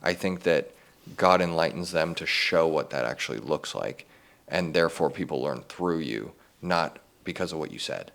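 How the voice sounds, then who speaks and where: A man's voice: very deep voice, animated, gravelly, a bit bright. A man as a podcast guest, speaking earnestly in casual conversation and readily agreeing. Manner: earnest, quick to affirm.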